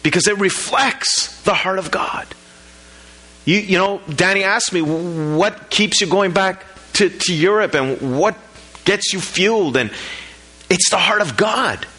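A middle-aged pastor tells a personal story from the pulpit, stumbling through quick restarts as he builds toward his point. His voice sits fairly high for a man, with a bright, forceful edge. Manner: animated storyteller, many repeated "and" restarts.

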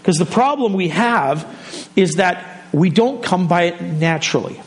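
A middle-aged male pastor with a notably high voice, preaching in a chatty, down-to-earth manner. He restarts his sentences and tosses in quick jokes before returning to his point. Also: expressive. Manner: conversational, self-interrupting, jokey asides. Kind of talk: sermon.

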